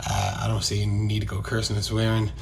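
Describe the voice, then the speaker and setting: A man's voice: on the low side, completely flat delivery, fast, gravelly, a little mellow. A man with a Newfoundland accent, a little congested from a head cold, introducing himself casually and modestly with hesitant uhs. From Newfoundland, Canada. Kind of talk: casual selfie-video introduction.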